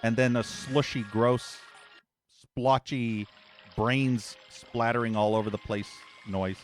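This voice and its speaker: A man's voice: medium pitch, steady tone, takes it slowly, faint music behind. A man doing let's play commentary, ranting at the game with a profane, exasperated edge. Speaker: gaming channel host.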